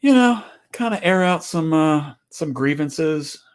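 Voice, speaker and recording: A man's voice: fairly high pitch, expressive, slow pace, smooth. A middle-aged man co-hosting a casual livestream, joking and rambling with frequent restarts. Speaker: co-host of a livestream. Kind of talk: casual live chat.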